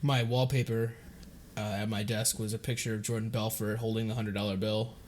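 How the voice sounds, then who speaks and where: A man's voice: lowish voice, level tone, fairly quick, a little hiss or hum. A young man co-hosting a podcast, telling loose stories with plenty of swearing. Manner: loose storytelling, heavy swearing. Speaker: podcast co-host. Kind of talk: casual chat.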